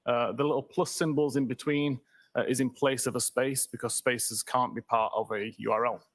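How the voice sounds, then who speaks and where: A man on the witness stand walking a jury through technical details, methodical and halting with frequent fillers. His voice sits at a plain middle pitch. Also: fairly even intonation. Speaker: expert witness. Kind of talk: courtroom testimony. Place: courtroom.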